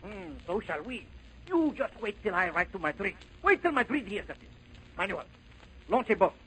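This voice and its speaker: A man's voice: high-pitched, big pitch swings, normal speed, a bit bright, breathy edge, heavily acted, rough recording. An actor playing a vain, pompous male Spanish island governor in 1930s radio acting, with a put-on Spanish accent and grandiose, fussy delivery. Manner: grandiose, fussy, self-important.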